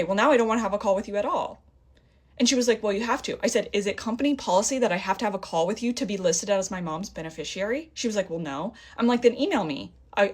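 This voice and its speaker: A woman's voice: mid-range voice, husky. A young woman telling a story in a casual vlog, heated and indignant, acting out a back-and-forth conversation. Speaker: vlogger.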